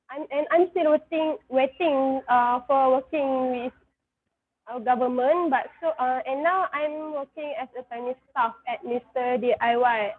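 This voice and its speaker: A woman's voice: high voice, husky. A woman in her twenties with a Malaysian accent from Kedah, giving a talk over her phone from a store, hesitant with many fillers and restarts. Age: 20s. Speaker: guest speaker. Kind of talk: online talk presentation. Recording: tinny phone-like line.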